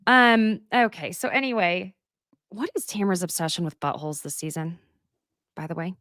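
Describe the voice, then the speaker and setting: A woman in her thirties co-hosting a casual recap chat, animated and profane, slipping into quick impressions of the people she talks about. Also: fairly low pitch, no echo, studio quality. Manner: animated, profane, mimics people with put-on voices. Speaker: podcast co-host.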